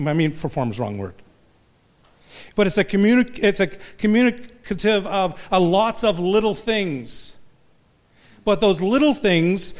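An older man, a pastor and marriage counselor, giving a humorous, self-deprecating talk to a live audience. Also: high voice. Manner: self-deprecating, joking storyteller.

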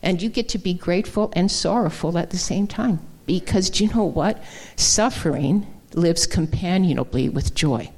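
A woman's voice: lowish voice, moderate pace, darkish tone, breathy edge. Folksy woman giving a sermon. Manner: conversational, folksy, with many fillers and restarts. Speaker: guest speaker. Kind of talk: informal sermon.

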